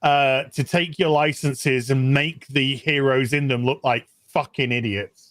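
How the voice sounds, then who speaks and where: A man co-hosting a casual video call chat, retelling a scene in an animated, profane way. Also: mid-range voice, measured pace, no room sound. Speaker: podcast co-host.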